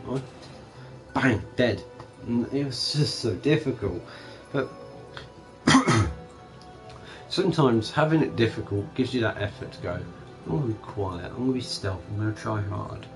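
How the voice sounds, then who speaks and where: A young man chatting casually and profanely about video games, rambling and animated. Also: medium pitch, low-quality recording. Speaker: gaming channel streamer.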